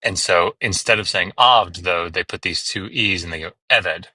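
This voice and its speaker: Deep-voiced and speaking at a moderate pace, a live-stream host tutors biblical Hebrew casually, explaining pronunciation patiently step by step and using lots of fillers. His tone is sharp and slightly rough, with no echo.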